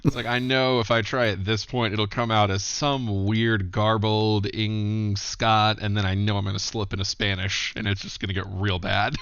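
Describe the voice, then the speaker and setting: A man's voice: fairly low pitch, moderate pace, clear, resonant tone, no echo. A man hosting a podcast, introducing guests and chatting casually and with laughter. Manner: laughing, relaxed rambling. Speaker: podcast host. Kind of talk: casual group chat. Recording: dull lo-fi sound.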